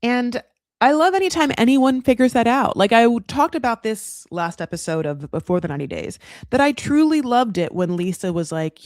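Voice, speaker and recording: A woman hosting a casual reality TV recap, talking in sassy, animated bursts and swearing freely. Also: fairly high pitch, moderate pace, dry recording, studio quality.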